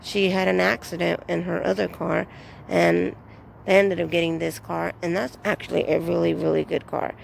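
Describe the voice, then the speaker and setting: A woman's voice: on the low side, level tone, normal speed, gravelly, a little hiss or hum. A woman rambling through a casual vlog outdoors, telling her story in a chatty way with lots of fillers. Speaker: vlogger.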